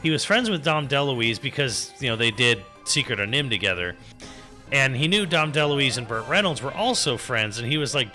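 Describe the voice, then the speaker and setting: A man chatting casually on a gaming live stream, telling a rambling, animated story with restarts and swearing. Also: mid-range voice, a little fast, soft background music.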